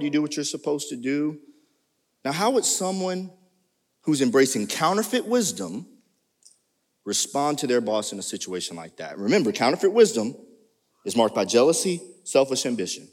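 Man, pastor, lively sermon, long church-hall reverb. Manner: animated preaching with sudden pitch jumps. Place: church sanctuary.

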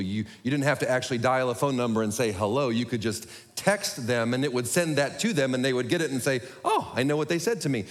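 A man preaching a sermon to his congregation, talking quickly with self-deprecating humor. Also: medium pitch. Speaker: pastor. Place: church sanctuary. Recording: echoey hall.

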